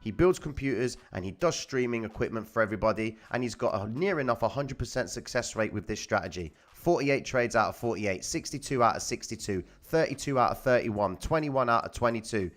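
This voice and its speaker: A man's voice: mid-range voice, lively intonation, brisk, few pauses. A man hosting a trading live stream, teaching viewers in a casual, blunt way, swearing freely and repeating his points to the chat.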